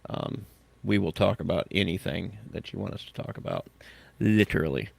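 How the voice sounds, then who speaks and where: A man's voice: deep voice, moderate pace, creaky, a little mellow. A man hosting a podcast, chatting and joking, then reading tech news items aloud. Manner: joking, self-mocking, reads items aloud. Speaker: podcast host.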